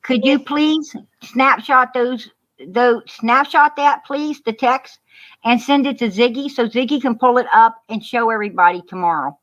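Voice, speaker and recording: A woman with a fairly high voice talks on a livestream, circling back to the same phrases as she consoles a friend and works herself up. The audio is dull and lo-fi. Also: normal speed, fairly bright tone. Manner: repetitive, consoling, fired-up, says "you know what" often. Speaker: guest on a livestream. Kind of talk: emotional livestream call-in chat.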